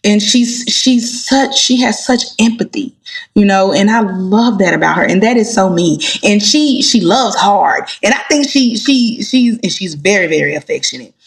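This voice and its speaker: Lady gospel singer, chatty and animated, talks to her listeners like friends. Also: mid-range voice, normal speed, creaky. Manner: animated, heartfelt storyteller, addresses listeners as y'all. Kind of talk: casual interview chat.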